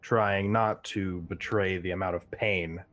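A man playing a tabletop game, speaking with a grim, flat delivery. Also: deep voice, unhurried, highs cut off, soft background music. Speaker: player. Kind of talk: tabletop role-play.

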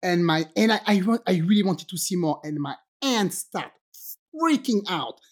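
Lively woman telling a strange story, a bit low-pitched. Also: normal speed. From Guadeloupe, French Caribbean. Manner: animated, acts out quoted voices, many restarts. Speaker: podcast co-host telling a story. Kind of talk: casual storytelling chat.

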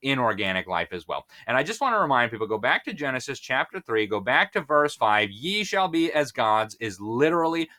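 A man giving impassioned interview commentary with the force of a preacher. His voice is bright and sharp, and he presses hard on his points. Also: mid-range voice, big pitch swings, a little fast, hardly any pauses. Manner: fervent, preacher-like emphasis. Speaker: guest.

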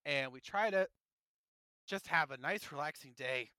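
A man hosting a gaming podcast, talking in a casual, opinionated way with animated asides. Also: fairly high pitch, a little slow, dry recording. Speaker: podcast host.

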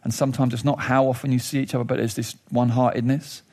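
A man preaching a sermon, telling a story with lively restarts and questions. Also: fast talker. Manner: animated storytelling, rising pitch in questions; frequent restarts and thinking aloud.

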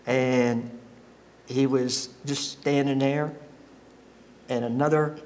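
A man giving a personal testimony to a church congregation, telling his story in an emotional, halting way that often breaks into laughter. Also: medium pitch, fairly even intonation, a little mellow.

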